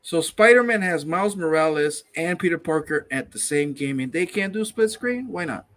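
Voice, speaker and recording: A man co-hosting a casual gaming podcast, talking in an animated, incredulous way and swearing casually. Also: a little high, moderate pace. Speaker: podcast co-host. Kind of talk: casual chat.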